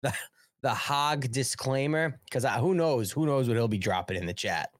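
A man's voice: mid-range voice, normal speed, dry recording. An American man hosting a live stream, reading news aloud, breaking off to chat and thank viewers, rambling and profane. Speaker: live show host. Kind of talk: casual live-stream commentary.

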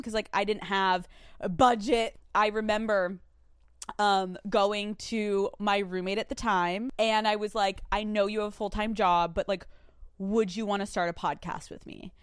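A young woman hosting a podcast in casual chat, excitable and talkative, peppered with "like" fillers and the odd curse. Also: mid-range voice, smooth, dry recording, studio quality. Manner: excitable and chatty, full of "like" fillers; swears casually. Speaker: podcast host.

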